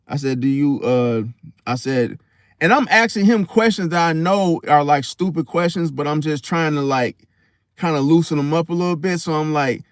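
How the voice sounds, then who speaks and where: A man's voice: fairly high pitch, moderate pace, no echo, studio quality. A man casually telling a story in slangy talk and acting out the quoted lines. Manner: animated, slangy, acts out quotes. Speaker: podcast host.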